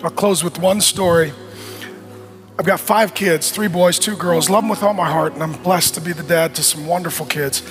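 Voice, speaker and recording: A middle-aged male pastor preaches in a notably high voice, building repeated phrases to shouted peaks before falling soft and close. Faint music plays beneath his sermon. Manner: rises to shouts at peaks, drops soft and intimate.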